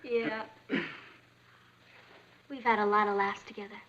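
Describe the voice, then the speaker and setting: An actress playing a bubbly, excitable teenage girl in a 1960s sitcom, eager and wisecracking. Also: mid-range voice, measured pace, muffled recording, close to an everyday voice. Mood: excited. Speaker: daughter.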